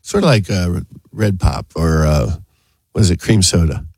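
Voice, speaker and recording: A man's voice: deep voice, expressive, moderate pace, darkish tone, breathy edge, dry recording. A man hosting a talk show, chatting casually, rambling and laughing often. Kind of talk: casual on-air chat.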